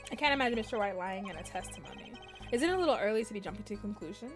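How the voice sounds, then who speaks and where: A woman's voice: medium pitch, sing-song, very fast, soft background music. A woman streamer giving playful, giggly let's-play commentary and reading game text aloud. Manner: playful, giggly, swings into loud character voices.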